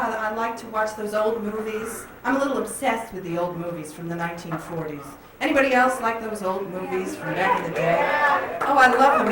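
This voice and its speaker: A woman doing a stand-up comedy set, animated and jokey, in a comedy club with an audience. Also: fairly high pitch, background noise. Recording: echoey club from far off, loud crowd. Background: audience laughter.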